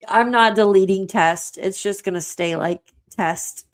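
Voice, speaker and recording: A woman's voice: mid-range voice, unhurried. A woman hosting a livestream in casual chat, reading out comments and laughing often. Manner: laughs often, giggly and excitable. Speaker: livestream host.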